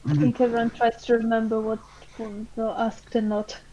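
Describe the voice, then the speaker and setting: A woman's voice: on the high side, little pitch movement, moderate pace, dark tone, highs cut off. A woman playing in a tabletop game, politely asking in-character questions. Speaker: player. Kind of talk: casual in-character chat.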